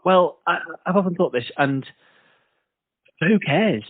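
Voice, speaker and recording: A man's voice: high voice, animated, takes it slowly, husky, dry recording. A man hosting a podcast, chatting casually and jokily, slipping into playful accent impressions now and then. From England. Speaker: podcast host. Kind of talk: casual chat. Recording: tinny phone-like dry sound.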